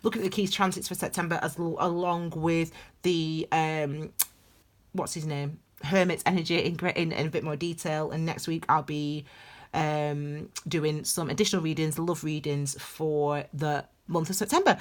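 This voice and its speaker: A woman's voice: sits low, fairly even intonation, normal speed. A woman giving a tarot reading to camera in a chatty, rambling way, full of asides and restarts. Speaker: tarot reader.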